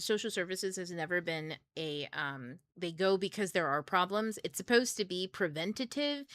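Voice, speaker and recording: A young adult woman with a lowish, fairly bright voice hosts a book club stream, recorded with clean studio sound and no echo. She tells a story casually and chattily, using lots of fillers and laughing often.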